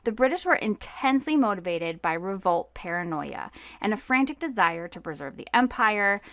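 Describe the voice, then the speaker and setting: A woman's voice: medium pitch, animated, normal speed, a bit bright, no echo. Woman podcast host going through history notes, chatty, um-ing a lot, dry close mic. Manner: casual, reads notes then riffs with fillers. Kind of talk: conversational history podcast narration.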